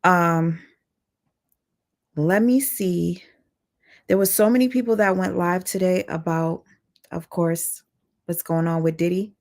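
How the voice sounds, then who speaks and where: A woman hosting a casual live stream, chatty and excitable, greeting viewers by name. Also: fairly low pitch, slow, pauses often.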